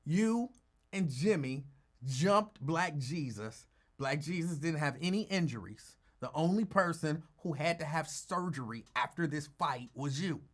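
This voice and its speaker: A man's voice: fairly high pitch, unhurried. A male radio talk show host telling a story in a casual, teasing way and acting out the quotes. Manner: animated, teasing, acts out quotes.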